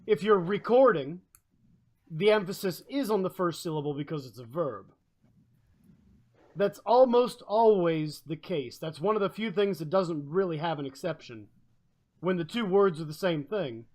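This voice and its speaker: A man's voice: on the high side, lively intonation, normal speed, a little mellow. A man hosting a casual group chat, confidently laying out language rules. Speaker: podcast host.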